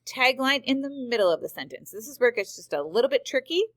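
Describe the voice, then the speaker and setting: A woman's voice: a little high, big pitch swings, fast, dry recording. Woman teacher explaining grammar, dry sound. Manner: explanatory, walks through examples aloud. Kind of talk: screen-recorded grammar lesson.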